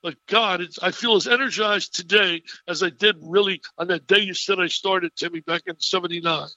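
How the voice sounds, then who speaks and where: Man in his eighties, animated storyteller, bright forceful voice, muffled lo-fi sound. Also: sits high, moderate pace, dry recording. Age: 80s. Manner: excitable, animated storyteller with frequent laughs. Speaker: guest. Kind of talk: enthusiastic storytelling interview.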